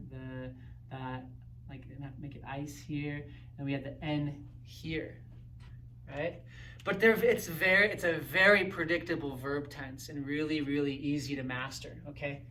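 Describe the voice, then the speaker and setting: A man's voice: fairly high pitch, fairly bright tone, distant mic, slight background noise. A man teaching a recorded grammar lesson in an upbeat, coaching way, often checking in with "right?" and "okay?". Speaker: Spanish teacher.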